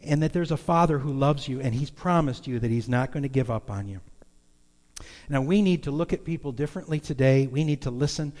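A man's voice: medium pitch, a little mellow, big-room sound. A man preaching a sermon, telling a story in a loose, conversational way. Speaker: pastor.

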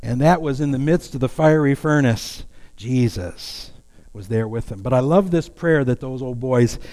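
A man preaching a sermon with a mellow, warm tone and a folksy, self-deprecating humor. His mid-pitched voice carries a long hall reverb. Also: normal speed. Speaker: pastor.

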